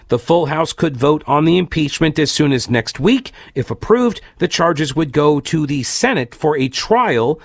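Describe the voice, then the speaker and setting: A man hosting a political talk radio show, giving animated, exasperated commentary with many fillers and restarts. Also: a little high, dry recording, studio quality.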